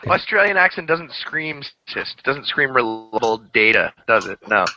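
A man co-hosting a casual podcast, wry and quick to laugh. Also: medium pitch, sing-song, lo-fi sound, slight background noise. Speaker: podcast co-host.

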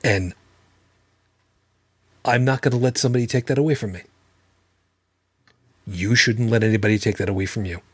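A man's voice: lowish voice, normal speed, pauses often, slightly rough, dry recording. A man hosting a livestreamed podcast who talks casually, bluntly and with plenty of swearing. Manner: blunt, profane, emphatic. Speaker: podcast host.

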